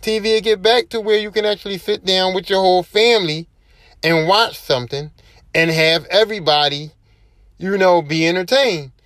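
A man's voice: sits high, normal speed, a bit bright, no echo, clean studio sound. A young man hosting his own podcast, talking on his own in a rambling, slangy and often profane way. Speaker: podcast host. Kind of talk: casual solo podcast monologue.

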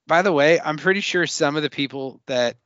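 A man hosting a casual sports podcast, reading listener questions in an animated, jokey way with quick restarts. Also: a little high, dry recording, lo-fi sound.

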